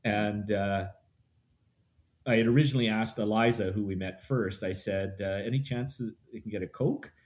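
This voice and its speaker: A man from Canada telling a hiking trip story in a relaxed, chatty way. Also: lowish voice, moderate pace. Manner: chatty, quotes people in stories. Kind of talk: casual storytelling.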